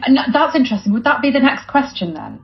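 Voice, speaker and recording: A woman's voice: sits high, huge pitch swings, fast talker, creaky. A chatty woman from Britain hosts a podcast, laughing easily and filling her speech with likes and you-knows. The recording is a little muffled and lo-fi, with faint music behind it. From United Kingdom. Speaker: podcast host. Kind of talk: conversational interview. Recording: dull lo-fi audio.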